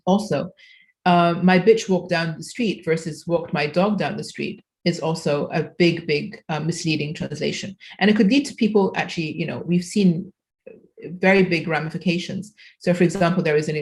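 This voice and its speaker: A woman's voice: on the low side, darkish tone. Woman giving a keynote lecture. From Egypt. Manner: explanatory, with frequent fillers and self-corrections. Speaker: keynote speaker.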